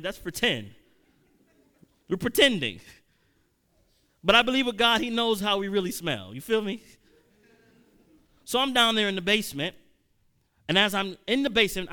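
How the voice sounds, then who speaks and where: A man in his thirties tells a personal story as a sermon, slipping from easy conversation into loud, emphatic peaks. His voice is bright and ringing, pitched a little high for a man, with frequent stammered restarts. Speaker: preacher.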